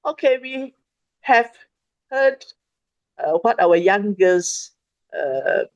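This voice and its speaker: A woman's voice: mid-range voice, animated, drawn-out words, no echo, lo-fi sound. A woman hosting an online youth meeting, chatty and prompting each speaker in turn, on a video call. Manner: chatty, prompting speakers, mixing in Malay words. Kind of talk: casual moderating of a video call.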